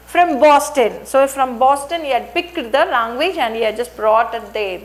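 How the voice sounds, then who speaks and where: A woman's voice: sits high, normal speed. A woman English teacher who reads a textbook story aloud and retells each sentence in simple words, with frequent restarts and fillers.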